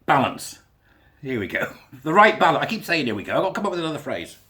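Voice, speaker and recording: A man's voice: on the high side, big pitch swings, fast, bright, forceful tone. A man giving a sarcastic, sweary commentary as he reads passages aloud and mocks them. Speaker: commentator reading and rebutting a school policy. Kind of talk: ranting commentary.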